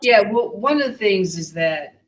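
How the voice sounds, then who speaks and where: A woman's voice: mid-range voice, expressive, moderate pace, low-quality recording. A woman hosting a talk show over a video call, asking long rambling questions with many restarts and asides. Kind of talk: casual interview chat.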